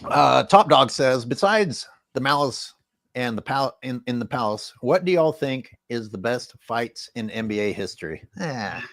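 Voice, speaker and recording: A man's voice: medium pitch, expressive, measured pace, creaky, a bit bright. A man hosting a casual sports panel, posing questions and reading chat comments with a wry tone.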